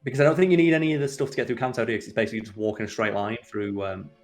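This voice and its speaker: A man's voice: mid-range voice, steady tone, very fast, soft background music. A man co-hosting a let's play, chatting casually and ranting with exasperation and swearing. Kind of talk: casual gameplay commentary.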